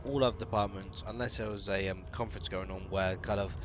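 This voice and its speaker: A British man with a lowish voice chats his way through a rambling story while he plays, full of fillers and soft chuckles. The game's music plays clearly underneath him. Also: fairly even intonation, fast talker. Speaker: streamer. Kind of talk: casual storytelling while gaming.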